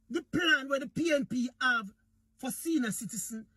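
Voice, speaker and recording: A man's voice: very high-pitched, normal speed, bright, forceful tone, husky, no echo. A man with a Jamaican accent delivering an impassioned political rant, repeatedly calling out to his audience. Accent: Jamaican Patois. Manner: fiery, preachy, repeatedly addresses Jamaica. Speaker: political commentator.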